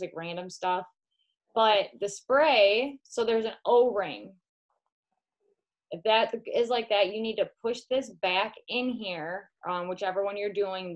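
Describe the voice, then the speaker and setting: A woman's voice: medium pitch, poor audio. Woman, Midwestern accent, chatty sales consultant, home demo. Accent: Midwestern American. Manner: chatty, calls listener girl, talks while handling products. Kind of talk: casual home video demo.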